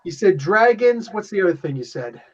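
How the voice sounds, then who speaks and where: A man's voice: sits high, very animated, a little fast, slightly rough. A man acting as game master, explaining the rules loosely and laughing often. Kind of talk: running a tabletop game. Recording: dull lo-fi sound.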